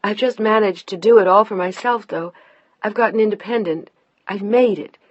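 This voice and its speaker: A woman reading an audiobook, voicing an emotional pregnant young woman who speaks in an earnest, bright way. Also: medium pitch, moderate pace, no echo, muffled recording, pitched above the performer's own voice, lightly acted.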